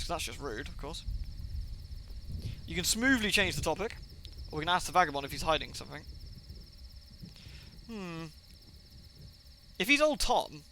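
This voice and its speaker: Guy streaming a game, reads the text out loud, chatty, bright sharp voice, slightly higher pitch. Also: a little hiss or hum, poor audio. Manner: chatty, reads text aloud with asides and fillers. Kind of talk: casual game-text reading aloud.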